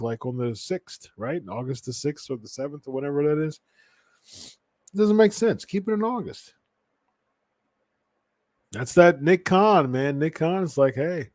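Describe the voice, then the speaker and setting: This clip has a man hosting a podcast in a voice that sits on the high side and sounds a little mellow, with no echo. Chatting casually about wrestling, he wanders through his points and keeps restarting and fixing what he just said.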